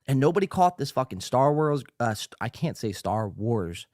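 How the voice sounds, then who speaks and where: A man hosts a podcast in a loose, rambling rant, swearing often and tripping over restarts. He sounds a little tipsy, and his middle-pitched voice comes through dry and close, with no room around it. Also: expressive, fairly quick, a little mellow, dry recording. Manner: rambling, profane, with frequent fillers and restarts. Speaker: podcast host. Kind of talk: ranting casual commentary.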